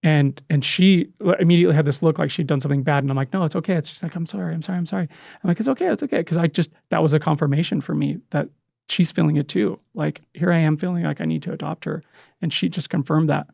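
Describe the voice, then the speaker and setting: A middle-aged man talks through a heartfelt story, his voice a little higher than most men's and carrying a gravelly rasp. He stops and restarts often, searching for words in an earnest, halting way. The sound is dry and close, with no room echo. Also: steady tone, darkish tone. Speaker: podcast guest, adoptive father. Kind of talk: emotional storytelling in conversation.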